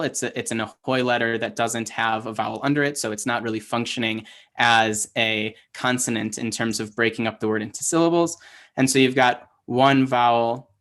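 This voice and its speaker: A man's voice: medium pitch, fairly bright tone. Man teaching a class, stepwise and chatty. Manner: explains step by step, quizzes learners, many fillers. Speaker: Hebrew teacher.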